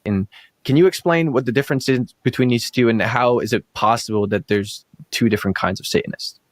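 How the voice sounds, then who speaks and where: Male interviewer, measured and direct, dry recording. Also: medium pitch, dry recording.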